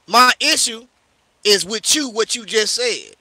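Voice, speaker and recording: Sharp-voiced man scolding on a livestream. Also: extremely high pitch, expressive, a little slow, slightly rough, no echo. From St. Louis, USA. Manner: confrontational and scolding, repeats "yo" and "you know what I'm saying". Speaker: street preacher hosting a live discussion. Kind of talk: heated livestream rant.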